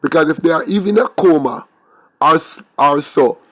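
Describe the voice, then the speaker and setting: A man's voice: a little high, moderate pace. A man with a Jamaican accent giving opinionated crime commentary, talking straight to his viewers and firing off rhetorical questions. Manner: emphatic, rhetorical questions, talks to viewers directly.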